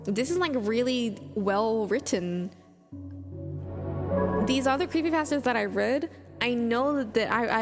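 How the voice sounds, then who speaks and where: Woman streamer reading scary stories, kinda high voice, chatty and rambly, long echo with music playing under. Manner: chatty, rambling asides full of "like". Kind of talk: reading horror stories aloud on a live stream.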